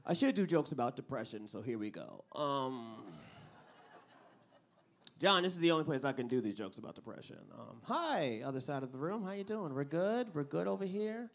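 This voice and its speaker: Animated stand-up comedian from New York City. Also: male voice, medium pitch, normal speed. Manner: animated, conversational with the crowd. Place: live on stage at a club.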